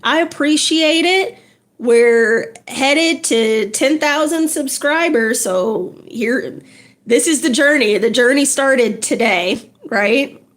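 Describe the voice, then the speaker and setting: A woman with a high voice talks slowly and unhurriedly as she hosts a casual livestream. She is encouraging and chatty, greeting her viewers one by one. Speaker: livestream host.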